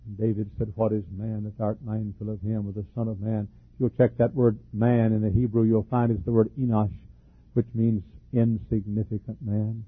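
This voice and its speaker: An older man preaching a fervent sermon as pastor, with a husky, troubled voice, frequent coughs and repeated words. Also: lowish voice, little pitch movement, moderate pace, no echo. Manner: fervent preaching with repetitions and laughs. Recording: dry, phone-like lo-fi recording.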